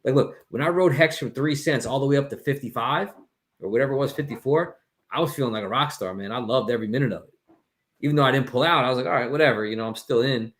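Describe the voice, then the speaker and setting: A man talking enthusiastically on a casual crypto livestream, pitching an idea and calling everyone "man". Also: quick pace, fairly bright tone.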